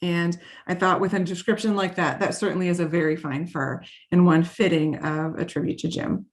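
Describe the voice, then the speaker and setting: Lady ceo giving a warm speech at a meeting, kinda low voice, trips over words a bit. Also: fairly even intonation. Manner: warm, heartfelt, slightly halting with restarts. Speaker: CEO of a garden. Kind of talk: formal meeting tribute speech.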